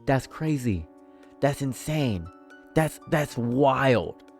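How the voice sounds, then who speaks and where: A man reacting to a forum story he reads aloud, ranting and animated, jumping from loud outbursts to low murmurs. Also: very slow, gravelly, faint music behind. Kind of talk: casual commentary.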